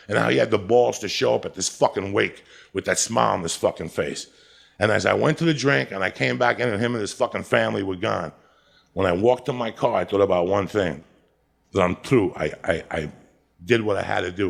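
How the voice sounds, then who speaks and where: A man with a deeply gravelly, fry-laden voice tells a profane story. His delivery is animated and punchy, packed with swearing. His pitch sits a bit low. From Cuba. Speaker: stand-up comedian telling a story.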